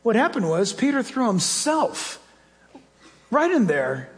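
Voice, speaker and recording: A man, a pastor, preaching a sermon with animated storytelling and acted-out dialogue. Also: extremely high pitch, slow pace, in a large hall.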